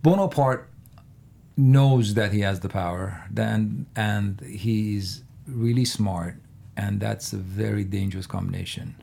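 A man talking as an actor guest in a casual interview, halting with many fillers and restarts. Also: lowish voice, gravelly, warm tone. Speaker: actor guest on a fan podcast.

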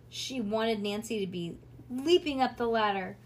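A woman's voice: a little high, measured pace. Woman casually reading a storybook. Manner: casual, lively, with small slips. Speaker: reader. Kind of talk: storybook read-aloud.

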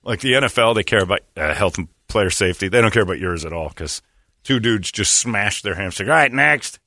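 Talk show guy telling funny stories, fairly low voice, bright, dry mic. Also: brisk, no room sound. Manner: animated, acts out voices with loud yelps. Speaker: radio show host. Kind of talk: casual comedic storytelling.

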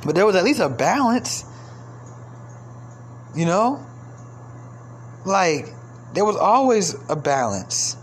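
A man delivering a heated, profane commentary rant, swinging between raised outbursts and low, exasperated muttering. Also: big pitch swings, slow pace, long pauses, a little hiss or hum. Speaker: commentary vlogger. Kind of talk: ranting commentary monologue.

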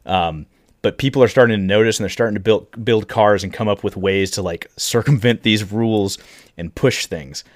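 A man co-hosting a casual podcast talks in a very deep voice. He explains in a measured way and pauses often to gather his thoughts. The recording is dry and close, with no room sound. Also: no room sound. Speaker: podcast co-host explaining rally history.

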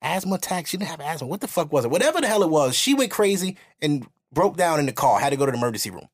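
A man from New hosting a podcast, telling a story in animated, profane casual chat. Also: fairly high pitch, rapid-fire. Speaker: podcast host.

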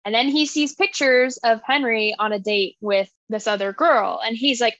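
A high-pitched woman chatting about a book she loves, slipping into quick little voices for the characters as she retells scenes. The sound is dry and a bit dull, close and lo-fi. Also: dry recording. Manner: animated, acts out characters' lines while retelling. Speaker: podcast co-host. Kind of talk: casual book chat.

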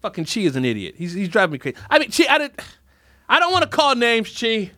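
A man's voice: high-pitched, wildly swooping pitch, quick pace, bright, forceful tone, no echo, clean studio sound. A man hosting a comedy podcast, ranting in a rambling, profane way and mock-scolding world leaders. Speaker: podcast host.

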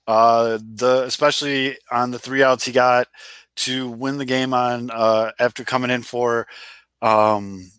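Man, bright forward voice, enthusiastic, laughing, profane, casual sports chat, dry sound. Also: medium pitch, little pitch movement, a little slow, smooth, no echo. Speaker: podcast co-host.

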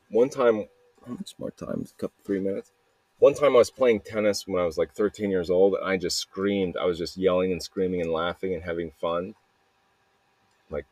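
A podcast host from Arizona records a rambling solo voice memo in a dry room with no room sound. His low voice is slightly hoarse from yelling, and he comes across as restless and jokey, restarting often.

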